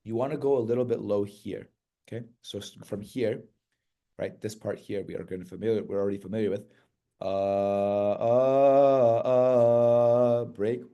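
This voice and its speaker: A man teaching a hymn chant step by step, singing short syllable phrases between quiet explanations and often checking in with "right?". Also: on the low side, steady tone, fairly quick, dull audio. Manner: patient, checks in with "right?" and "okay?".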